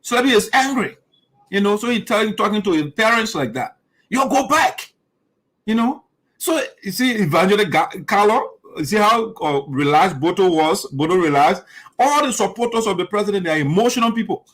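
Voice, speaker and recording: A man's voice: high voice, a little fast, a bit bright, low-quality recording. A man hosting heated political commentary, emphatic and repetitive, often mimicking his opponents' lines. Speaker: show host.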